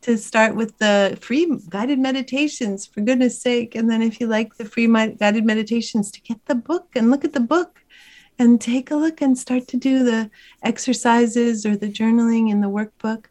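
A woman's voice: a little high, moderate pace, a little mellow. A woman who is a guest author and meditation teacher, telling stories in a conversational interview and laughing often.

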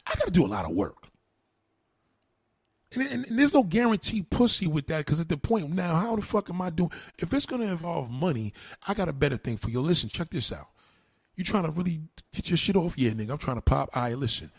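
A man's voice: fairly high pitch, very animated, fairly quick, breathy edge, dry recording. A man, ranting in a combative way at a livestream's comments, with heavy cursing, slang and repeated retorts. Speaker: livestream host answering comments.

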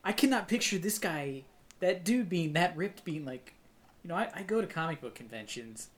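A podcast co-host in casual chat, rambling and jokey, swinging between loud outbursts and mumbled asides. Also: mid-range voice, animated, moderate pace.

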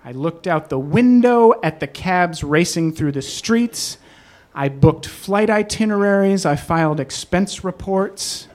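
A storyteller telling a personal story on stage, animated and acting out every quote. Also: medium pitch, measured pace.

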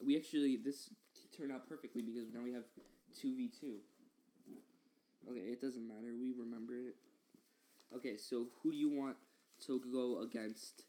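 A man's voice: mid-range voice, fairly even intonation, normal speed, long pauses, mellow, a little hiss or hum. A young man co-hosting a podcast, bantering and arguing goofy hypotheticals in a playful way. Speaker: podcast co-host. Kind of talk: casual banter.

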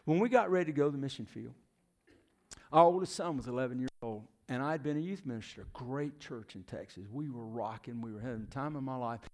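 A man's voice: medium pitch, fast talker, a little mellow. A middle-aged man preaching a sermon. He questions the congregation and often drops to a near whisper. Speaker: preacher, former youth minister and missionary.

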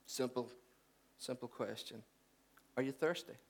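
A man preaching a sermon, building to loud proclamations and dropping to hushed, intense passages. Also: medium pitch, unhurried, gravelly, slightly rough.

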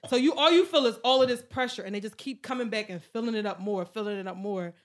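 A young woman speaking tells a story in a casual podcast chat. She tells it in an animated way and breaks into loud acted-out quotes. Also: a little high, fast. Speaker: podcast host.

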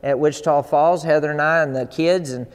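A man's voice: a little high, steady tone, a little fast, smooth. Earnest preaching man in a reverberant hall. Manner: earnest, repetitive, builds to emphatic peaks. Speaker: pastor. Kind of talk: sermon.

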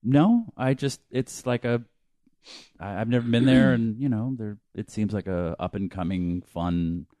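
A man's voice: lowish voice, unhurried, dark tone, no echo. A man co-hosting a podcast, joking and swearing freely, rambling through casual explanations. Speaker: podcast co-host. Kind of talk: casual chat.

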